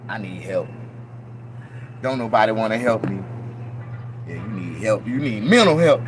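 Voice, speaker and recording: Animated Mississippi man rambling to viewers. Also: fairly low pitch, moderate pace, background noise. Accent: Southern US (Mississippi). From Mississippi, US South. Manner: loose, profane, animated, mock-preaching asides. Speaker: vlogger. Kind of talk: rambling casual monologue to viewers.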